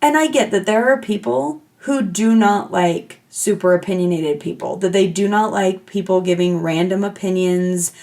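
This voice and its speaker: Gal hosting her own podcast, yappy and self-mocking, lots of vocal fry. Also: mid-range voice, normal speed, hardly any pauses, darkish tone. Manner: chatty, playful, self-mocking oversharer. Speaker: podcast host. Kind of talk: casual solo podcast chat.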